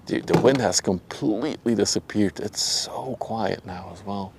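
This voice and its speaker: A young Dutch-accented man chats casually with his stream's viewers from a riverbank, his voice low and a little gravelly. He laughs easily and sometimes drops to a quiet, hushed tone. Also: noisy background. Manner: relaxed, chatty, laughs often, talks to chat by name; speaks softly at times to avoid disturbing people nearby. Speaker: livestream host. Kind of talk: casual live-stream chat. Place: outdoors by a river at sunset.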